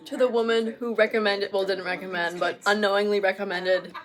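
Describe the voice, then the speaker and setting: A woman's voice: mid-range voice, steady tone, a little fast. A young American woman in her twenties, a study abroad student, chatting casually to camera with lots of fillers. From United States. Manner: chatty, full of "like" fillers and laughs. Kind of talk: casual vlog chat. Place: apartment and streets. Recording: noisy handheld vlog audio.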